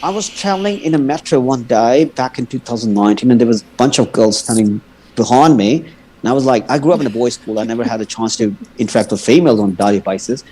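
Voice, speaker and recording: A man in his thirties from India, telling stories in a casual chat, animated, swearing freely and laughing often. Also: mid-range voice, quick pace, rough recording. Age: 30s. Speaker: guest.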